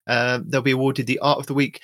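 A man's voice: medium pitch, level tone, a little fast, fairly bright tone, no echo, clean studio sound. British man hosting a gaming podcast. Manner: reads news items out, joking asides. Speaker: podcast host. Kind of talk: casual gaming podcast chat.

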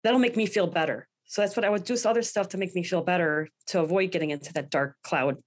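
A woman's voice: lowish voice, quick pace. A woman guest speaking candidly in a podcast interview, often quoting her own past thoughts. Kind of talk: personal interview.

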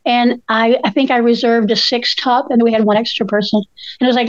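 An older woman tells stories in a casual chat and acts out every quote. Her voice sits on the higher side and is recorded dry and dull. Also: fairly quick, dry recording. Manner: animated storyteller, acts out quotes. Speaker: co-host.

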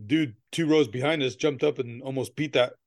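A male podcast co-host talking in relaxed, casual chat. He tells long, rambling stories, laughs often and swears freely. His voice sits at a middle pitch. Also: moderate pace.

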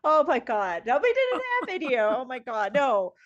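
A middle-aged woman telling a story in casual chat, animated, laughing often and swearing freely. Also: high voice, moderate pace, dull audio. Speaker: guest telling a travel story.

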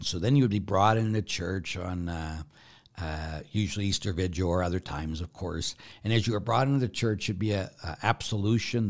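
Catholic priest answering questions, slightly low voice. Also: male voice. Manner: conversational teaching, asks and answers own questions. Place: broadcast to viewers.

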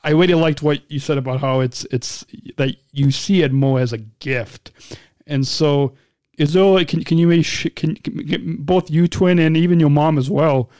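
A man hosting an interview podcast, speaking in a halting way with many restarts and repeated words. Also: a little high, a little mellow, no echo, clean studio sound. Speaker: podcast host. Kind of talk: casual interview.

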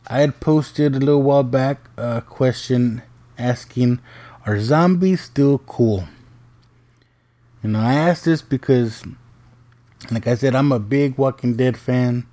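Slow-talking, mellow-voiced male podcast host. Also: mid-range voice. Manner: chatty, joking storyteller. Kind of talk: casual monologue.

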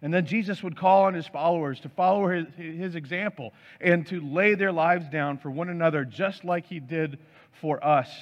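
Pastor, man, slightly high voice, emphatic sermon delivery, muffled audio with long hall echo. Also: moderate pace. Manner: emphatic preaching with piled-up word lists. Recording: dull sound with long hall reverb.

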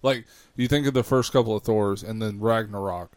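Dry-joking man, low and close-miked. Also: moderate pace, clean tone, no room sound. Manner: wisecracking, dry jokes. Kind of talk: casual chat over beers.

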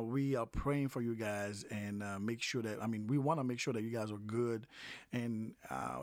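A man hosting a podcast language lesson, talking in a relaxed way with many fillers and restarts, slowly repeating each phrase. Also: medium pitch, no echo, studio quality. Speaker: podcast host and language teacher. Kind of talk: casual spoken lesson.

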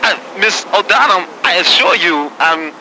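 Guy doing a weird deadpan actor voice, high and bouncy, choppy pauses everywhere. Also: slight background noise, exaggerated voice, poor audio. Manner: halting, oddly paced phrasing. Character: deadpan male film actor with odd pauses. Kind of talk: improvised comedy impression.

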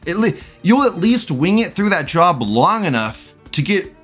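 A young man rants on a livestream in a lively, swooping voice that sits a little high. He swears constantly and laughs at his own remarks as he reads out chat. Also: moderate pace, husky, soft background music. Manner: crude, profane, laughing often. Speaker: livestream host reading chat. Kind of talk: casual ranting commentary.

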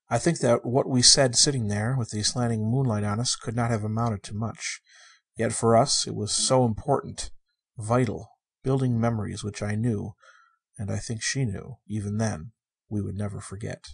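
A man reading a story aloud in the first person, in a measured, emotive way. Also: lowish voice, fairly even intonation, gravelly, slightly rough. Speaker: audiobook narrator.

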